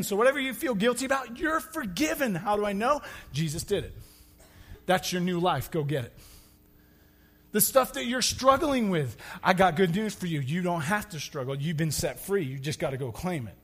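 A man preaching a sermon, moving from loud, urgent calls down to hushed, intimate lines. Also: sits high. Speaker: pastor. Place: church sanctuary.

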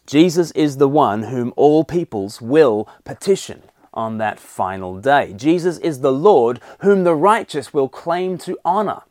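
A man preaching a sermon, rising in pitch and loudness to stress his key points. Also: no room sound, studio quality.

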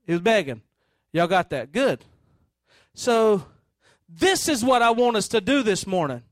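High-voiced man preaching a sermon. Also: very animated, measured pace, no room sound. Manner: conversational, addresses the audience directly.

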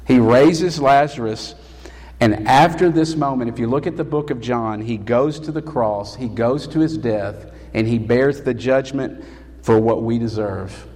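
A man preaching a sermon as pastor, emphatic and rising to loud calls. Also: mid-range voice, measured pace. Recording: long hall reverb.

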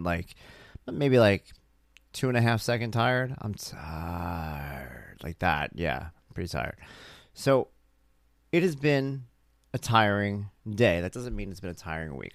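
A man's voice: on the low side, a bit bright, dry recording, clean studio sound. A man in his thirties hosting his own podcast, chatting casually in a rambling, self-deprecating, joking way while sounding tired. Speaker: podcast host. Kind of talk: casual solo podcast chat.

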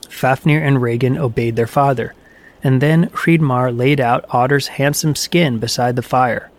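A man narrating an audiobook of myths with measured, even storytelling. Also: mid-range voice.

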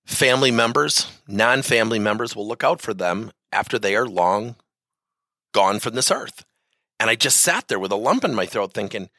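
A middle-aged man giving a motivational talk to business leaders, telling stories and swinging his pitch widely for emphasis. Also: expressive, normal speed, bright, forceful tone, dry recording. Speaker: business speaker addressing leaders.

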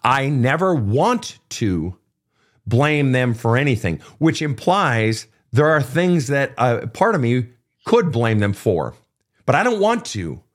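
A man's voice: mid-range voice, big pitch swings, slow pace. Blunt, probing male counselor. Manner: blunt, probing, swears freely, repeats questions. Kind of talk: counseling session.

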